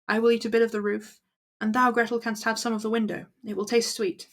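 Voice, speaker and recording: A woman's voice: fairly high pitch, little pitch movement, fast talker, natural voice. A woman reading aloud, giving the lines of an eager, hungry young boy in a fairy tale.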